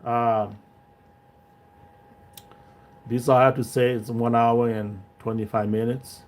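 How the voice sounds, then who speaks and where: A man's voice: medium pitch, little pitch movement, moderate pace. A man hosting a livestream, giving his opinions in broken, non-native English, with many restarts and direct checks with his viewers. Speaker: livestream host. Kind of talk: casual opinion monologue.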